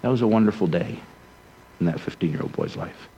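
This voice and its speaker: A man from Rhode Island preaching a sermon as a story, swinging between emphatic passages and hushed, soft ones. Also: lowish voice, brisk, highs cut off, slight background noise. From Rhode Island, USA.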